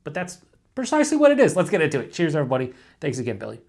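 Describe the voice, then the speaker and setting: A man's voice: on the high side, wildly swooping pitch, racing, darkish tone. Male beer reviewer, solo vlog, loose and rambling, filler-heavy, casual swearing. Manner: talks to himself with self-mocking asides.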